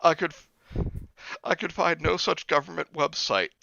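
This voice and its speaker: A man's voice: a little high, normal speed, creaky, sharp tone, no echo, muffled recording. A young man hosting a stream, reading a book aloud with sarcastic asides and laughter. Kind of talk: comedic read-through with commentary.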